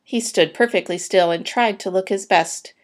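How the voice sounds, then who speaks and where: A woman narrating a children's book aloud, with steady storytelling and a few small slips. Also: medium pitch, normal speed.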